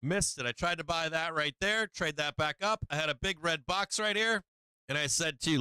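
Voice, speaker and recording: During live trading commentary, a man goes through stock charts, asks his viewers rhetorical questions and talks to his cat. His voice is a little high and sharp, clean with no room sound, at a normal speed.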